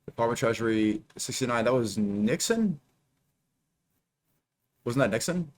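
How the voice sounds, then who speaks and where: A man hosting a casual reaction stream, animated and teasing, firing off quick questions. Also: medium pitch. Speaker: streamer and host.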